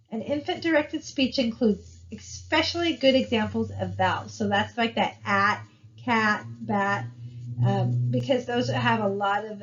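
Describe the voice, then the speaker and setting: A woman giving a recorded college lecture in a casual, conversational way, with frequent fillers and "right?" tag questions. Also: a little high. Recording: dull lo-fi recording.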